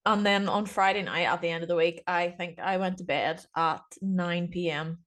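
A woman with a deep voice, a teacher co-hosting a casual podcast and rambling with lots of fillers. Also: fairly even intonation, moderate pace, fairly bright tone. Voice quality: deep voice, says so herself. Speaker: podcast co-host, primary school teacher. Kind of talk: casual chat.

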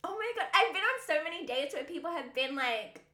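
A woman's voice: high voice, lively intonation, a little fast, pushed and bright, roomy sound. A young woman co-hosting a podcast, chatting animatedly, swearing and laughing often. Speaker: podcast co-host. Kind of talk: casual chat.

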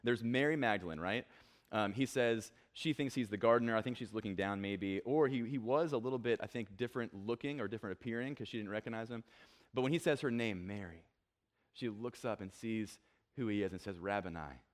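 A man preaching a sermon in a relaxed, conversational way, with many fillers, and acting out the people he quotes in a lower, offhand voice. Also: brisk. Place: church.

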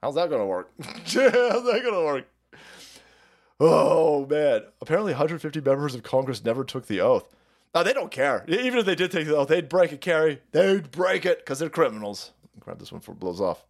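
A man's voice: a little high, animated, fast talker, gravelly. A man hosting a livestream, ranting in profane, sarcastic commentary and laughing between his lines. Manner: sarcastic, swears constantly, laughs mid-sentence. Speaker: livestream host.

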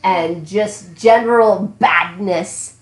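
Animated ranting woman in an echoey room. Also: medium pitch, takes it slowly. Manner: animated ranting, acting out her younger self. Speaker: podcast co-host. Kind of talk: casual book discussion.

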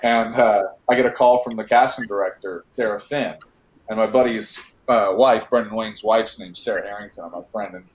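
A man's voice: on the low side, steady tone, moderate pace, echoey room, poor audio. A man from Northern California, an actor telling a long story in a casual interview, rambling with many fillers and restarts.

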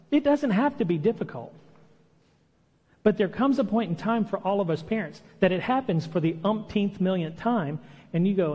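A man's voice: high voice, lively intonation, normal speed, mellow, in a large hall, lo-fi sound. A man preaching a sermon in a conversational way, acting out the lines he quotes. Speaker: pastor. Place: church hall.

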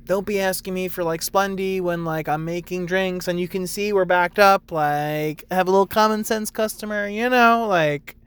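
Chatty young man with a smooth voice. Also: steady tone, normal speed, hardly any pauses, fairly bright tone, dry recording. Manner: chatty, full of likes, acts out customers in a high sing-song voice. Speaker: barista vlogger. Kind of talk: casual rambling monologue.

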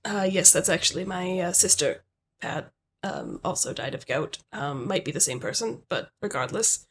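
A woman voicing a fussy, hurried manager with a put-on British accent, hesitant and formal. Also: lowish voice, lively intonation, a bit bright, slight background noise, pitched below the performer's own voice. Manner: hesitant, lots of ums, formal.

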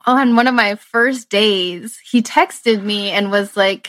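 A woman's voice: medium pitch, slow pace, hardly any pauses, fairly bright tone, no room sound. A young woman in her twenties, a medical student, telling a personal story in an earnest, reflective way and laughing through its emotional moments. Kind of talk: casual conversational storytelling.

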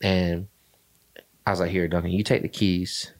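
A man's voice: sits low, flat delivery, normal speed. A man hosting a podcast, telling a hunting story in a rambling, casual way with many fillers. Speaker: podcast host. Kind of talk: casual chat.

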